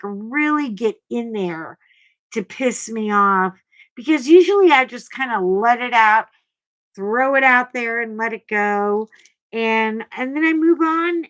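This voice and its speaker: Slow-talking, lively woman storyteller. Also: a little high. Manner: animated storyteller, shrieks when quoting herself. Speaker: livestream host. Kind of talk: casual chat to live viewers.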